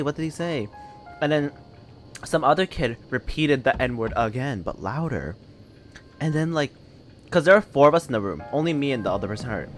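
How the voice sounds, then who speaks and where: A young man chats casually while streaming a game, his stories wandering and packed with fillers. His voice sits at an everyday middle pitch, and quiet game music plays underneath. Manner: rambling, filler-heavy storytelling with frequent laughs. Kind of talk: casual chat while gaming.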